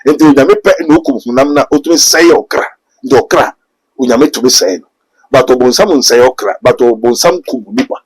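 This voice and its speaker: A man's voice: mid-range voice, animated, moderate pace, breathy edge, low-quality recording. A man preaching emphatically in a sermon, mixing two languages and rising to a raised voice. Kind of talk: sermon in a talk show.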